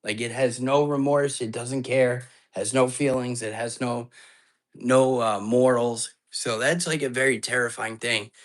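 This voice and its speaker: A man of middle pitch tells a story in an easy, chatty way on a live ghost-hunting stream. He sounds earnest and uneasy as he recounts a long phone call. He rambles, often breaking off and starting his sentences again. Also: steady tone, unhurried. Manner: earnest and anxious, rambling with restarts.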